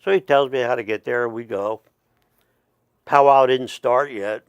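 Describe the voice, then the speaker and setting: A middle-aged man tells a long personal story at a slow, unhurried pace. His voice has a gravelly, creaky texture and sounds dry and close. He rambles, stops to restart and wanders into asides. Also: medium pitch, fairly even intonation, no echo, highs cut off. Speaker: storyteller, Métis chief. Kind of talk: casual spoken storytelling.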